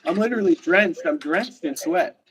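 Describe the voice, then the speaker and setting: A man's voice: high-pitched, moderate pace, slight background noise. A man in casual livestream banter, mocking and taunting with a lot of swearing.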